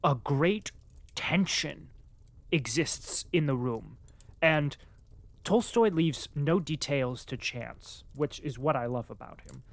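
A man's voice: a little high, no echo. A man narrating a classic novel aloud and then chatting enthusiastically about the story. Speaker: audiobook reader and book commentator. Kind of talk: literary narration then casual commentary.

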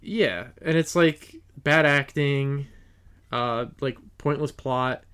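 A young man from New Jersey with a New Jersey accent, hosting a casual podcast chat and telling animated stories. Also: mid-range voice, slow, clean tone. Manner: animated, laughing storyteller acting out quotes. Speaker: podcast host.

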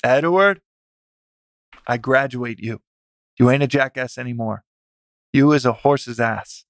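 A man voicing a gruff old immigrant father who teases his son bluntly. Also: medium pitch, a little slow, dry recording, clean studio sound, natural voice. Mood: teasing.

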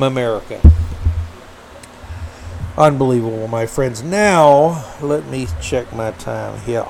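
A man's voice: mid-range voice, takes it slowly, vocal fry, pauses often, a little mellow, a little hiss or hum, rough recording. A man hosting a podcast, delivering a combative, sarcastic political commentary monologue. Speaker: podcast host.

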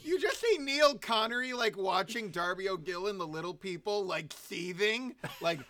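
A man's voice: sits high, normal speed, hardly any pauses, slight background noise. A man co-hosting a podcast in casual chat, telling jokey stories with lots of energy. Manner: joking, animated storyteller. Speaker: podcast co-host.

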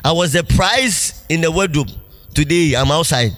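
A pastor preaching a sermon in a church, animated, laughing often and asking the congregation questions. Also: male voice, on the high side, moderate pace. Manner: call-and-response preaching, asks congregation questions.

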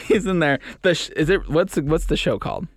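A man's voice: a little high, big pitch swings, fairly quick, no room sound. A man co-hosting a podcast in loose, rambling chat. His delivery is playful and jumps around, and the sound is dry and close to the mic. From Chicago area. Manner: rambling, playful, puts on loud yelling voices. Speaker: podcast co-host. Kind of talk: casual chat.

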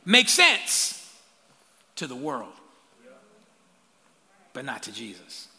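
A man preaching a sermon as the pastor, animated, with call-outs and playful asides to the congregation. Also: mid-range voice, extremely slow, gravelly. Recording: long hall reverb.

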